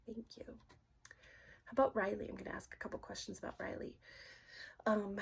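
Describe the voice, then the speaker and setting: A middle-aged woman gently asking questions aloud in a casual session, hesitant and often dropping to a whisper. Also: mid-range voice, fairly even intonation, vocal fry, breathy edge. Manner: soft-spoken, halting, often drops to a whisper. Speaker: dowsing-rod reader.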